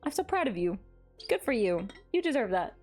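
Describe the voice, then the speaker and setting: A young woman live-streaming in casual chat, gushing and excitable, laughing often as she reacts to fan art. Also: medium pitch, a little fast, faint music behind.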